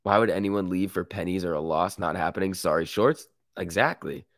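A man's voice: sits low, fairly quick, creaky, no room sound, studio quality. A man with a sick voice hosting a live stock market stream, reading chat and reacting in casual slang. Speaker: stock market livestream host.

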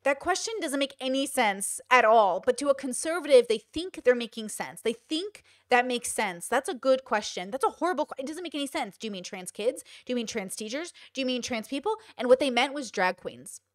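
A young woman talks straight to her listeners in an emphatic, casual way, stressing her points by repeating them. Her voice sits a little high, and the sound is dry and close, with no room echo. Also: animated, a little fast, few pauses. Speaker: podcast host. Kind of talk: casual advice talk.

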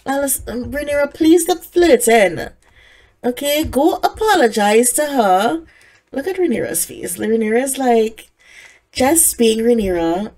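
A woman's voice: a little high, lively intonation, measured pace, darkish tone. A woman giving casual let's-play commentary, chatting away and talking to the game characters. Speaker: gaming creator.

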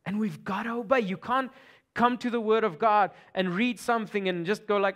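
A man with an Afrikaans South African accent preaching with a fairly high voice. He swings between loud, urgent exhortation and soft, almost whispered moments. It is an emotional sermon style. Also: normal speed. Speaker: pastor.

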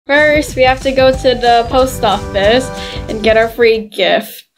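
A woman's voice: fairly high pitch, unhurried, over music. Chatty woman hosting a game video. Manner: chatty, playful, exclamatory. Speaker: gaming channel host. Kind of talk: casual gameplay narration.

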